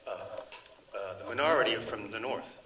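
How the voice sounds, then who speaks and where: A man's voice: fairly low pitch, fairly quick, bright, forceful tone, reverberant, slight background noise, low-quality recording. An older man, a translator giving a book talk, speaking in a chatty, digressive way about the text. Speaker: author and translator presenting his book. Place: event hall.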